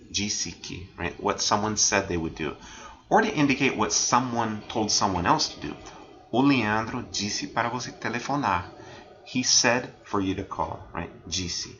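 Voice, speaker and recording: A language teacher with a lowish, sharp voice works through a recorded slide lesson, explaining phrases one at a time. He tacks "right?" onto nearly every line, and the recording sounds muffled.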